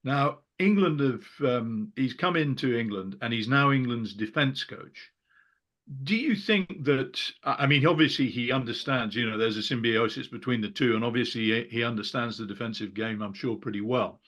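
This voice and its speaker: A man's voice: mid-range voice, normal speed, fairly bright tone. A man on a rugby podcast panel asking long, carefully worded questions. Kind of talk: podcast discussion.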